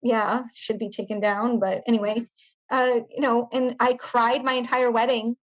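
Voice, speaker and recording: A woman with a slightly high voice talks through her own past as a podcast interview guest. She is earnest and searching, often restarting sentences and filling gaps with small verbal fillers. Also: little pitch movement, moderate pace, low-quality recording. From United States. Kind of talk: personal storytelling in an interview.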